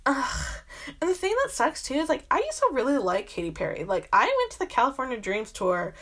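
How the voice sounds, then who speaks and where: A woman's voice: high-pitched, huge pitch swings, fast, fairly bright tone. Young woman, podcast host, casual gossip rant, filler-heavy, swears a lot, exasperated.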